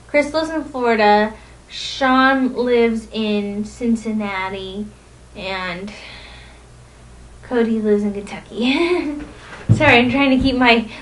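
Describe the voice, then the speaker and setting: A woman's voice: mid-range voice, a little hiss or hum, poor audio. A woman vlogging a casual, rambling recap of a convention weekend from home, telling stories with giggles. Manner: rambling, excitable storytelling with giggles.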